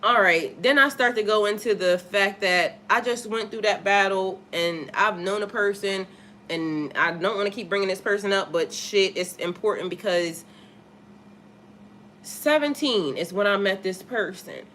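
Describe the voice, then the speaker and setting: Woman, livestream storyteller, candid, swears freely, bright edgy voice. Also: medium pitch, unhurried, slight background noise. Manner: candid and profane, talks to chat viewers. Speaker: spiritual life coach livestreamer.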